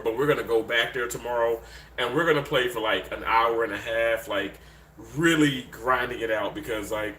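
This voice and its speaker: A man's voice: on the high side, sharp tone, reverberant. A man from Mississippi with a Southern accent, chatting casually on a live stream from a hotel room, rambling with lots of fillers. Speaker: livestream host. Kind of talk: casual live-stream chat reading viewer comments.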